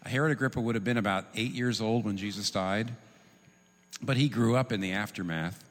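A man preaching a sermon, teaching in an animated, humorous way with quick asides. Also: on the low side. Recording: long reverb in a large hall.

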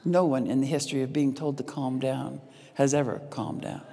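A middle-aged woman speaking to an audience about relationships, a lively storyteller who acts out the lines she quotes. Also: rumbling low, normal speed, creaky, a little hiss or hum. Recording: long hall reverb.

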